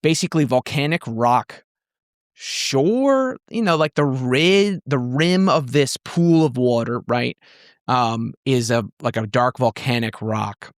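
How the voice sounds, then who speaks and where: A man's voice: mid-range voice, expressive, slow, no room sound, clean studio sound. A man narrating a tabletop game as game master, describing scenes with many fillers and restarts. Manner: rambling descriptions full of fillers.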